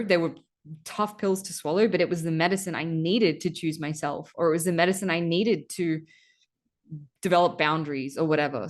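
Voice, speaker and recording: Candid, swearing woman spiritual guest. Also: fairly low pitch. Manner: candid, swears freely, fillers like "like" and "right?"; earnest storyteller. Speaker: spiritual healer, podcast guest. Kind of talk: casual podcast conversation.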